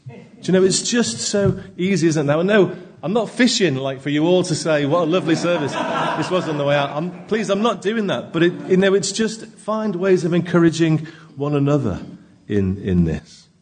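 A man's voice: on the high side, lively intonation, moderate pace, darkish tone, slight background noise. A man preaching a conversational sermon in a church, asking his congregation frequent rhetorical questions. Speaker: pastor.

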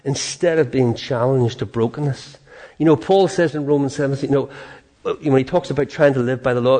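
A man preaching a sermon in an earnest, animated way, acting out prayers and quotes, with a soft laugh now and then. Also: medium pitch, a little fast.

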